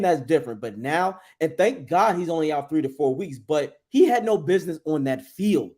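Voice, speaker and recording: A man's voice: on the high side, expressive, normal speed, few pauses, darkish tone. A man co-hosting a live sports fan show, ranting angrily and swearing often as he vents frustration. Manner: angry, profane, fired up. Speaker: sports podcast co-host.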